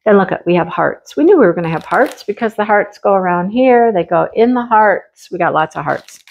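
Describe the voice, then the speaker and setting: A woman's voice: mid-range voice, creaky, lo-fi sound. A chatty middle-aged woman casually unboxing craft kits for her viewers, breaking off to scold her cat, often laughing. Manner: lively and enthusiastic, quick laughs. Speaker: craft vlogger.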